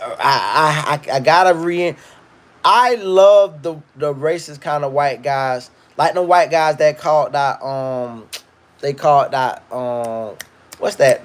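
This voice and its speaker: A man hosting a livestream, ranting in a loud, profane, rambling way and reading viewer comments. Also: mid-range voice. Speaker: livestream host. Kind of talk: casual livestream rant.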